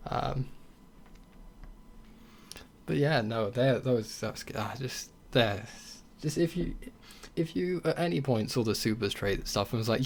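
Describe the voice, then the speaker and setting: A man's voice: mid-range voice, animated, slow pace, vocal fry, long pauses, a little hiss or hum. A young man hosting a casual solo podcast, talking bluntly with swearing and sarcastic mocking asides. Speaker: podcast host.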